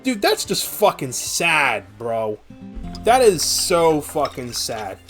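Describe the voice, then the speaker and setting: A man's voice: fairly high pitch, sing-song, slow, vocal fry, fairly bright tone, soft background music. A man in his twenties chatting casually on a game stream, ranting in a rambling, profane way. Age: 20s. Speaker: VTuber streamer.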